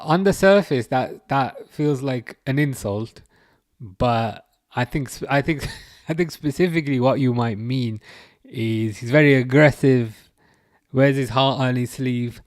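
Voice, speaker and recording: Male streamer, casual and self-deprecating, mid-pitched, dry close sound. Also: slow pace, no room sound. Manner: chatty, self-mocking, stammering restarts, frequent laughs. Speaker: livestream host. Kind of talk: casual live match commentary.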